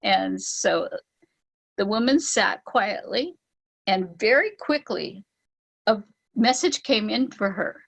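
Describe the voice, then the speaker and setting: A woman leading a spiritual online gathering, telling a story with lively acted-out quotes and laughs. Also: medium pitch, takes it slowly, gravelly, pauses often, husky, rough recording. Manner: animated, acts out quoted voices with laughs. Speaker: spiritual teacher and ceremony leader. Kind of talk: storytelling talk on an online call.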